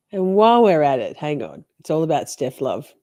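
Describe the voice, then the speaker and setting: A woman chatting casually as she reacts to a trial, giggly and playful, swinging from soft whispers to high squeals. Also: no echo, studio quality.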